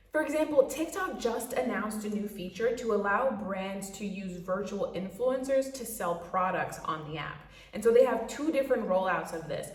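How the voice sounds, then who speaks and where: A woman's voice: mid-range voice, distant mic, slight background noise. A woman giving a casual explainer commentary in a chatty way, with playful asides and rhetorical questions. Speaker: video essayist. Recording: roomy echo, a bit off-mic.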